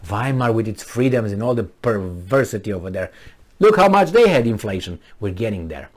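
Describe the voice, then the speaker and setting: Sarcastic man with a lively voice. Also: fairly low pitch, brisk. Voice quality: sarcastic, mocking, emphatic. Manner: talks back to the news, with scattered laughs and asides. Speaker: video commentator. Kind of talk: sarcastic news commentary.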